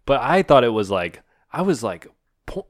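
A man's voice: medium pitch, sing-song, normal speed, no echo, clean studio sound. A man in his twenties on a podcast, chatting casually, joking crudely and laughing often. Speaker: podcast host. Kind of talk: casual chat.

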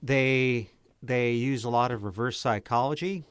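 A man's voice: mid-range voice, measured pace, clean tone, dry recording. Rambling man playing a dwarf. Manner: chatty, rambling, many restarts. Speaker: player. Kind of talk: playing a dwarf character in a tabletop game.

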